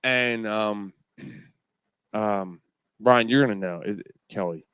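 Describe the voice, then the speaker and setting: A middle-aged man co-hosting a casual pub sports podcast, telling a work story in an animated way and swearing freely. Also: on the low side, takes it slowly, long pauses, smooth, no echo, studio quality. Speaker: podcast co-host. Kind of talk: casual chat.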